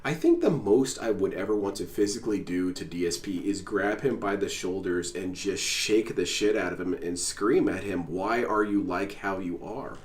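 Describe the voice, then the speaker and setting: A man with a fairly low voice rants in a sarcastic, exasperated way as he reacts to a clip on stream. He sounds a little far from the mic in an echoey room with faint noise under him. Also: moderate pace, hardly any pauses, darkish tone. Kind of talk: ranting reaction commentary.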